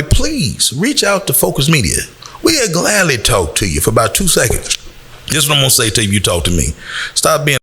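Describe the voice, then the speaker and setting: This Chicago man, a community speaker, lectures young people bluntly and preachily. His voice is fairly high, with vocal fry, a sharp tone and a breathy edge, and it climbs whenever he stresses a point.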